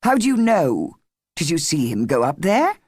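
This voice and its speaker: A woman voicing an embarrassed middle-aged father speaking in a stiff, brisk manner in an audiobook. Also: low voice, big pitch swings, darkish tone, husky, no room sound, studio quality, heavily acted. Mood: puzzled.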